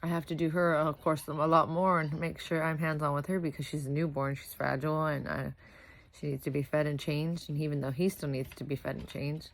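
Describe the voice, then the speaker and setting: Worn-out young mom, low voice. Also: female voice, little pitch movement, a little fast, poor audio. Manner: rambling, scattered, self-correcting. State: exhausted from little sleep. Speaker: vlogger, mother of two. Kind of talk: casual vlog chat. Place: at home with a toddler nearby.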